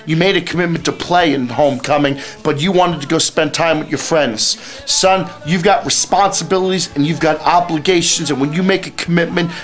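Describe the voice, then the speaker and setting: A man's voice: a little high, fairly bright tone. A man who is a youth speaker and life coach, giving teens blunt, lecturing advice in a direct monologue.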